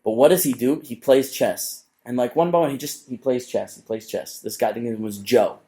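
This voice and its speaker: A middle-aged man, a rabbi, giving a storytelling sermon to a live audience, animated, with frequent restarts and asides. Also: mid-range voice, brisk.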